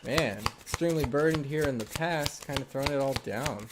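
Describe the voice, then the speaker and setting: A man's voice: mid-range voice, fairly quick, very noisy. A man doing a live tarot reading, encouraging and loose, rambling with many fillers. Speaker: tarot reader.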